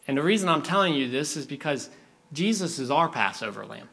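Bright-voiced animated male preacher. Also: mid-range voice, a little fast. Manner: animated storytelling, acts out scenes. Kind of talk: sermon.

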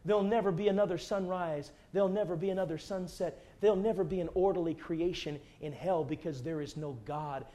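A fervent middle-aged preacher, his voice sitting a little higher than most men's. He swings from near-whispers to full-throated cries as he pleads with the congregation. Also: fairly quick, few pauses, a little hiss or hum. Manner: fervent, dynamic swings from hushed to shouting. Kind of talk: sermon with altar call.

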